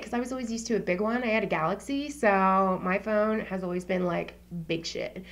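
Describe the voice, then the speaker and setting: A woman's voice: medium pitch, steady tone, normal speed, few pauses, fairly bright tone. A woman vlogging about her favorite beauty products in a casual, slangy chat, swearing freely and dropping into whispers for asides.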